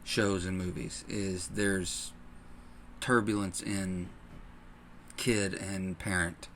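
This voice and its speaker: A man co-hosting a casual podcast chat, relaxed and full of fillers, acting out scenes he retells. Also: low-pitched, slow pace, a little hiss or hum. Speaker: podcast co-host.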